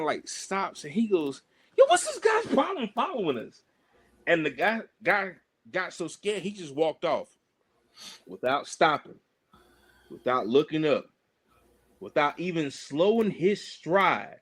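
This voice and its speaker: A man, a wrestling guest, telling funny road-trip stories in casual chat with an animated, laughing manner. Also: fairly high pitch, unhurried. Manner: animated, laughing, lively storyteller.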